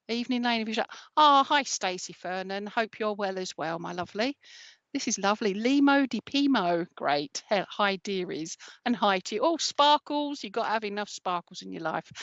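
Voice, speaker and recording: A woman's voice: fairly high pitch, a bit bright, dry recording. Woman, spiritual medium, casual live-stream chat, affectionate, dry slightly muffled recording. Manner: chatty and affectionate, with many ums and endearments. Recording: dry, slightly dull sound.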